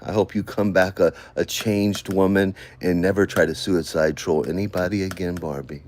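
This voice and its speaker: A man vlogging casually, muttering to himself as he scrolls through comments, then breaking into loud rants. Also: sits low, fairly even intonation, moderate pace.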